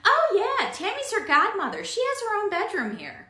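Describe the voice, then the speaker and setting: Woman playing gentle sweet young guy. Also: very high-pitched, huge pitch swings, moderate pace, heavily acted. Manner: gentle, eager to explain. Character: sweet thoughtful young male coworker. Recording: echoey room.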